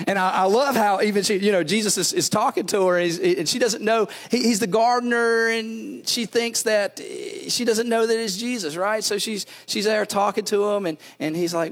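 A middle-aged man pastor preaching a sermon, animated, often repeating and restarting words, with dad jokes. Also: high-pitched, moderate pace.

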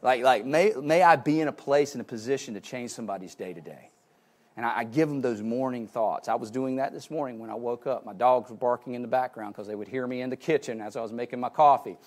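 A man preaching a sermon, swinging between loud exclaiming and soft hushed prayer, often repeating words and restarting phrases. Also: mid-range voice, quick pace. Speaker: pastor.

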